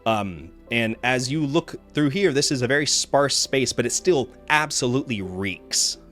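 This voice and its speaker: A man's voice: mid-range voice, expressive, normal speed, a bit bright, soft background music. A man narrating a tabletop game as game master, rambling with frequent fillers and restarts.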